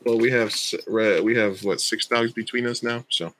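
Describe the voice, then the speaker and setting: Casual podcast host, male, lowish voice with a bright edge, rambles and restarts. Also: fairly even intonation, normal speed, slight background noise. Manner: rambling, self-correcting. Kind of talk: casual chat.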